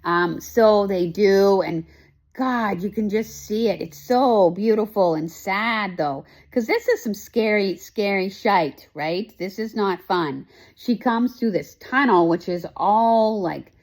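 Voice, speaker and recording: A woman's voice: medium pitch, expressive, slow, a little mellow. A woman hosting a casual chat, recapping a TV show with lots of emotion, rambling with many fillers and restarts. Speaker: host.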